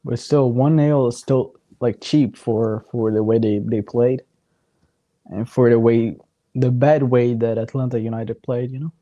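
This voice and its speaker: A man talks through a soccer match on a casual watchalong stream, his voice going hoarse. He speaks slowly and unhurriedly in a mellow, dark tone, rambling as he tallies up points and games aloud. The sound is dry and close, with no room echo. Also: medium pitch, fairly even intonation, muffled recording. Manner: rambling, chatty, counts out standings aloud. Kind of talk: casual live match commentary.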